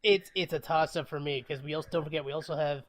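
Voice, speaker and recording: A man's voice: on the high side, steady tone, quick pace. A man co-hosting a podcast, chatting casually about films and thinking aloud with fillers. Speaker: podcast co-host. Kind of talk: casual film review chat.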